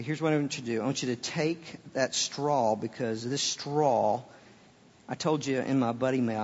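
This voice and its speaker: A pastor preaching a sermon, swinging from loud emphatic peaks to quiet offhand asides and often repeating words. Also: male voice, medium pitch, slight background noise. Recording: dull sound with long hall reverb.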